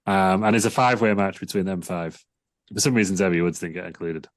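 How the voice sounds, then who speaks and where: A man co-hosting a casual wrestling chat, lively and given to acting out quotes. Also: low voice, a little fast, no room sound. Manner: animated, acts out wrestlers' lines in mocking put-on voices. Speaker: podcast co-host.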